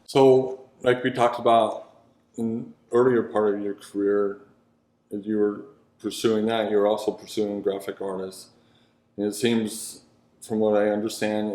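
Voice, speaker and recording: A man's voice: lowish voice, darkish tone. A man hosting an interview, asking easygoing follow-up questions. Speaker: interview host. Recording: roomy echo.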